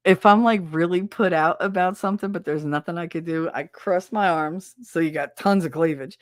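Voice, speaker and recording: A woman's voice: on the low side, normal speed, no room sound, studio quality. A middle-aged woman hosting a livestream, chatting casually and laughing as she tells stories and acts out quotes. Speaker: livestream host. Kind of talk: casual chat, reading out viewer comments.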